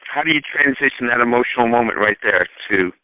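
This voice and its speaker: A man hosting an interview, eager, cutting in with quick affirmations and follow-up questions. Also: medium pitch, no echo. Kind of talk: casual interview. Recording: dry, tinny call audio.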